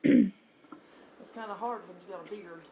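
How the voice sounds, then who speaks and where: A woman in a played video clip, chatting slowly and teasingly while doing makeup on someone. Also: mid-range voice, gravelly, noisy background. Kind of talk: casual video chat.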